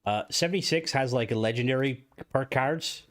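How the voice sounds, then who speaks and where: A man's voice: medium pitch, moderate pace, a bit bright. A man streaming a video game live, chatting casually with viewers, swearing freely and reacting aloud to what happens on screen. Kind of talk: casual live gameplay commentary.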